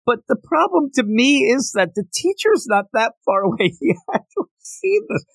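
A man hosting a podcast, casually recapping a manga chapter and acting out the characters' lines in quick voices. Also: extremely high pitch, big pitch swings, a bit bright, no echo. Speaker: podcast host.

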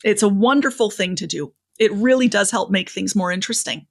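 A woman speaking coach giving advice as a podcast guest, expressive and lively, with a voice that moves up and down a lot. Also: fairly quick, creaky. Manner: lively, varied pitch, expressive. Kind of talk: conversational interview.

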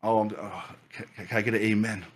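A man preaching a fervent sermon as pastor, repeating phrases and building excitement. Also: on the low side, fairly quick.

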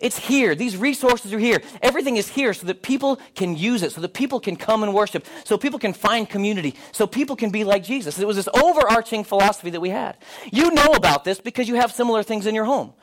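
Animated high-voiced male pastor. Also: fast talker. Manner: animated storyteller, acts out dialogue with rising pitch. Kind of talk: sermon with storytelling.

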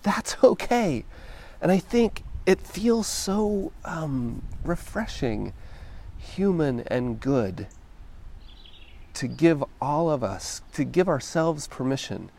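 A man hosting a solo podcast, speaking in a gentle, reflective, encouraging way and often checking in with "right?". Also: fairly high pitch, very animated, takes it slowly. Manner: conversational, often ends thoughts with "right?". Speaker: podcast host.

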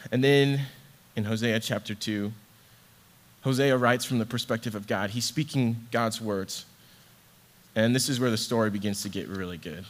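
The young adult man preaching here, a ministry associate director, has a voice on the low side and keeps a moderate pace. His sermon comes across earnest and conversational, with casual fillers.

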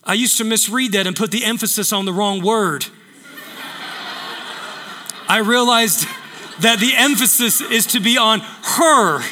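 A man preaching with a high, very bright and forceful voice. He presses his points hard and repeats key phrases to drive them home. His voice rings with long reverb, as in a large church hall. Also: measured pace, pauses often, slight background noise. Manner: emphatic, repeats phrases for effect. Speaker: pastor. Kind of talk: sermon.

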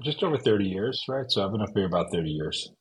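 A man in his forties, an esports company CEO, talking as a guest in a relaxed, informal way with lots of "you know" and "right?". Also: fairly low pitch, fast, poor audio. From United States. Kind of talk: casual interview.

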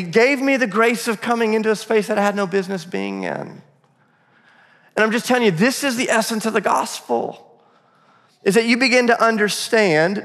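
Male pastor, forties, casual storyteller from the pulpit, slightly high voice, echo of a large hall. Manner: storytelling, conversational and animated. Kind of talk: sermon. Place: church auditorium. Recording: long hall reverb.

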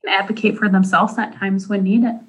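A woman who works in school interventions, telling a story in an animated way during an interview. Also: mid-range voice, normal speed, rough recording.

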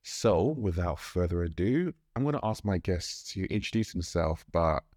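Male podcast host, extremely low voice, upbeat and teasing, dry close sound. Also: expressive, moderate pace, a little mellow, no echo. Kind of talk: conversational interview. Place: podcast booth.

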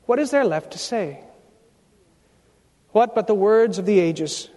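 A man with a high voice preaches a sermon as pastor, building emphatic, loud climaxes. His voice rings out in a church sanctuary with a long hall reverb. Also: moderate pace.

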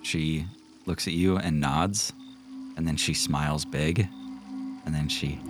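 A man running a tabletop role-playing game, describing the scene in a calm, steady narration. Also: a bass voice, slow pace. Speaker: game master. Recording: music bed behind.

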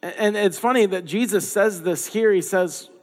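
A man's voice: high-pitched, normal speed, a little mellow. A man giving a sermon in a conversational way, slipping into the voices of the people he quotes with playful asides. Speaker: pastor. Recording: long hall reverb.

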